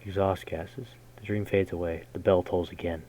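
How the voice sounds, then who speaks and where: Man, very low voice, gaming host, reads game narration aloud, measured, drops in jokey slang remarks, faint background noise. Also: fairly even intonation, warm tone, rough recording. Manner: measured narration broken by casual slangy comments. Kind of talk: reading game text aloud with jokey asides.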